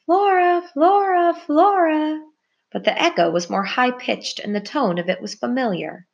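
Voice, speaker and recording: A woman reading a children's story aloud in a steady, even narration. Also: mid-range voice, moderate pace, gravelly, muffled recording. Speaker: audiobook narrator.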